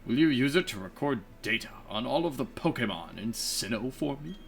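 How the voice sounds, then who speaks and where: A man's voice: medium pitch, expressive, a little fast, creaky, soft background music. A man reading aloud the lines of a formal, stern older male professor in a game.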